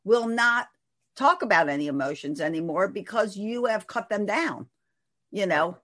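A woman's voice: medium pitch, animated, moderate pace, fairly bright tone. A woman in a casual conversation who chimes in with agreement and talks about what she tells parents. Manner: agreeable, brief affirmations.

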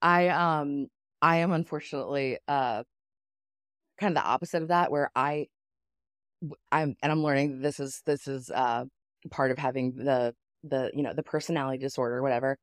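A woman's voice: very deep voice, steady tone, normal speed, dry recording, clean studio sound. A woman in a casual podcast chat, speaking candidly and emphatically, swearing for emphasis.

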